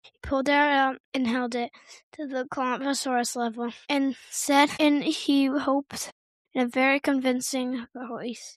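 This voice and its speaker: A woman reads a children's story aloud in a steady, unhurried way, now and then tripping on a word. Her voice is high and stays level with little melody. The recording is close and dry, with no room sound. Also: no room sound. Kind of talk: storybook narration.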